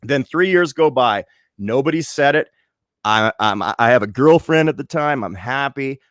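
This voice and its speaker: A man from Winnipeg in his late forties, co-hosting a podcast and telling a story in lively casual chat, acting out the voices as he goes. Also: medium pitch, moderate pace, no echo, clean studio sound. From Winnipeg, Canada. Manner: animated storyteller, restarts and acts out voices. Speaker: podcast co-host.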